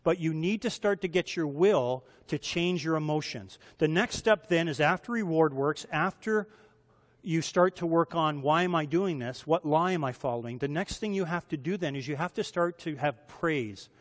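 A man's voice: fairly high pitch, moderate pace. A man preaching a sermon in a conversational way. He asks his listeners rhetorical questions and puts on lighter voices for the people he quotes. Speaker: pastor. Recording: long hall reverb.

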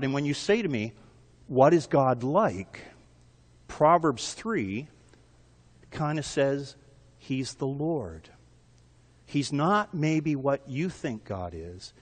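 A man's voice: medium pitch, big-room sound. A male pastor preaching a sermon in an earnest way, building emphasis with repeated phrases.

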